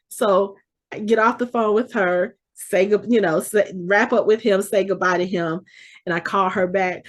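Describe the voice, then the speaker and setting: A woman's voice: mid-range voice, moderate pace. A woman in her forties co-hosts a casual podcast chat. She tells her stories with energy and acts out each person she quotes, her voice sitting in a middle range. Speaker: podcast co-host.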